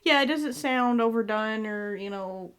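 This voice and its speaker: A woman's voice: a little high, a little slow, fairly bright tone, clear, resonant tone. A woman from the American South with a Southern accent, co-hosting a fan podcast in casual chat, hesitant and full of fillers as she reads episode trivia. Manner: hesitant, filler-heavy, recaps episode notes. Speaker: podcast co-host.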